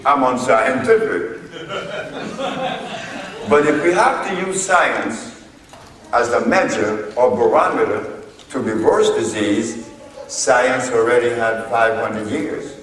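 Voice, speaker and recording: A man giving a storytelling lecture to an audience, slow and deliberate as he recounts his exchanges in court. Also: mid-range voice, a bit bright. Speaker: speaker addressing an audience. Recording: echoey hall, voice from far off.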